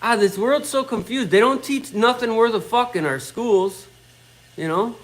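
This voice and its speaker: This is a low-quality recording of a middle-aged man with a very high-pitched voice, talking a little slowly. He's in his workshop, swearing nonstop through a blunt, casual rant.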